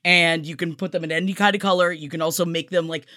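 A woman hosting a podcast, chatting casually and telling stories in an animated, rambling way. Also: on the low side, fast, no echo, studio quality. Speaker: podcast host. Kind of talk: casual chat.

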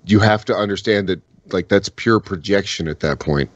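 A man's voice: deep voice, moderate pace, dry recording, dull audio. A man co-hosting a podcast, chatting casually with frequent swearing and restarts. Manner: profane, rambling, lots of restarts. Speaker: podcast co-host. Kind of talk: casual chat.

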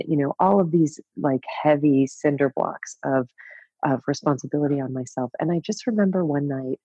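A breathy woman in her fifties speaks candidly as a podcast guest, expressive and quick to laugh, with the odd swear word. The sound is dull and dry, with no room around her. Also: deep voice, no room sound. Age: 50s. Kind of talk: candid conversational storytelling.

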